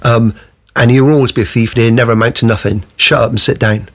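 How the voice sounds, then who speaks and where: A man's voice: mid-range voice, fairly even intonation, fast talker, a bit bright. A man doing a harsh scolding staff member. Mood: scornful. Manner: berating, blunt.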